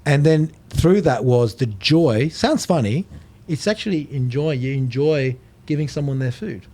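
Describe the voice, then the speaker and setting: Middle-aged man, podcast guest, animated, swearing storyteller. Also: medium pitch, unhurried. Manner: animated storyteller, swears, acts out quoted voices. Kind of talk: storytelling in casual chat.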